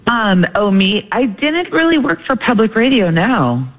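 A woman's voice: mid-range voice, big pitch swings, unhurried, dull audio. A woman guest and author on a radio show, giving brief, hesitant answers and laughing easily. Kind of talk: casual interview answers.

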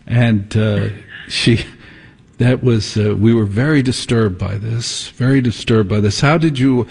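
A man hosting a talk radio show, teasing his guest with quick jokes and asides. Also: mid-range voice, vocal fry, a little mellow, slightly rough. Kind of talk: casual talk radio chat.

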